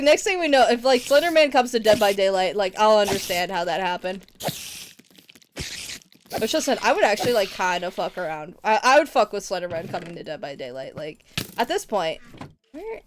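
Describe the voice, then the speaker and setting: A woman streaming a game, chatting casually with viewers in a rambling, goofy, giggly way. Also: mid-range voice. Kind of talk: casual live-stream chat while gaming.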